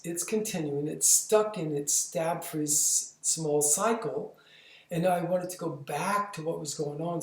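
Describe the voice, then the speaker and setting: A man teaching a lesson, explaining and acting out sounds and movements with frequent stammering restarts and animated emphasis. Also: a little high, echoey room. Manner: demonstrative, acts out sounds and movements. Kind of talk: instructional lesson.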